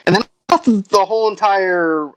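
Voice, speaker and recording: A man hosting a movie review podcast, relaxed and laughing often as he recaps the plot. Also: high-pitched, unhurried, dry recording, rough recording. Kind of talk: casual chat.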